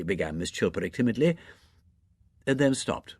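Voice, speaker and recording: A man narrating an audiobook in an expressive, animated way. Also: low-pitched, normal speed, slightly rough, no room sound, clean studio sound. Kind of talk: scripted narration.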